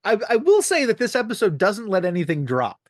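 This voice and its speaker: Podcast guy, pitch jumps all over, deadpan jokes, dry close mic. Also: brisk, dry recording. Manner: lively, deadpan jokes, quotes characters. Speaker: podcast co-host. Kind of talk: casual chat recapping a TV episode.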